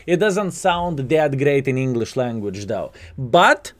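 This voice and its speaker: A man's voice: mid-range voice, animated, unhurried, a little mellow, a little hiss or hum. A man with a Lithuanian accent, a native Lithuanian speaker, giving chatty live gameplay commentary and calling his viewers "fellas", a bit sleepy. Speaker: gaming commentator.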